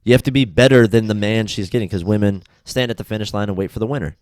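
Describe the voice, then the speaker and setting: A man's voice: lowish voice, quick pace, dry recording. A young man hosting a podcast, chatting casually and acting out quotes from people in different voices, loose and profane. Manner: animated storyteller, acts out quotes in voices. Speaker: podcast host.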